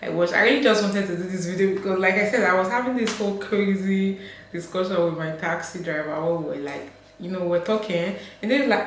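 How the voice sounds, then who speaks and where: A woman's voice: mid-range voice, a little fast. Nigerian woman chatting in an echoey room. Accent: Nigerian Delta. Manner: chatty, laughs often, acts out quoted voices. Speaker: vlogger. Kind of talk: casual chat to camera. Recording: very echoey room, faint background hum.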